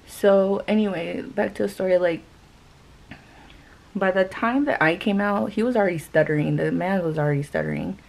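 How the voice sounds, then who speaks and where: With big swings in her medium-pitched voice, a young vlogger talks at normal speed, creaky and darkish in tone, while doing her makeup at home. She rambles casually through a story with many "like" fillers, and the recording is low quality.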